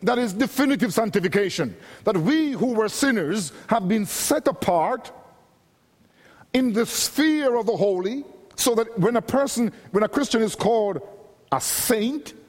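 A man preaching a sermon in a measured, emphatic way, repeating and building his phrases. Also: high-pitched, a little mellow. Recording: long hall reverb.

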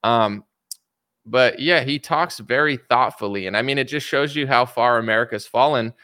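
A man talks straight into the mic in an opinionated commentary vlog, rambling through his points with plenty of filler words. His voice is bright and forceful. The sound is dry and close, with no room around it. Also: medium pitch, moderate pace, dry recording. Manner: rambling, opinionated, frequent "like" and "you know"; mocking quoted voices of media and politicians.

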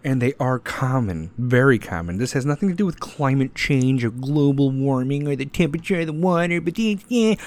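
A man hosting his own podcast, talking straight into the microphone in a casual, profane, rambling and sarcastic rant. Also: medium pitch. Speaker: podcast host. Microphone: podcast microphone, pop filter.

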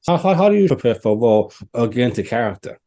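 A man's voice: mid-range voice, big pitch swings, quick pace, mellow. A man hosting an interview, asking brief questions and adding short agreement between answers. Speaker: show host.

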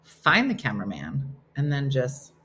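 A woman's voice: rumbling low, wildly swooping pitch, normal speed, fairly bright tone, a little hiss or hum. A woman hosting a casual livestream, chatting and reading viewer comments aloud, chatty and self-deprecating with frequent laughs. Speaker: livestream host.

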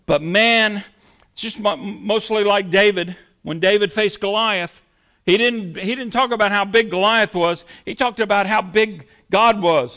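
A man preaching a sermon with a high, bright voice. He teaches verse by verse in a relaxed, conversational way, then lifts his voice for emphasis. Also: a little slow. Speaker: pastor.

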